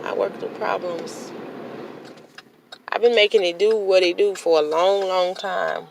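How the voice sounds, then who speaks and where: Woman vlogger, gravelly, blunt pep-talk delivery, noisy surroundings. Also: medium pitch, steady tone, measured pace. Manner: blunt, self-motivating, working herself up. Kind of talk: casual vlog monologue.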